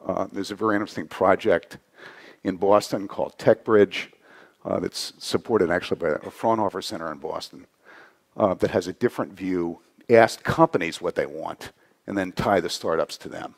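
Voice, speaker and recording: A man giving a conversational conference talk, often ending points with a quick "right?". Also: low-pitched, creaky. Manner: conversational, frequent "right?" tags. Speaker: conference speaker. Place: conference hall.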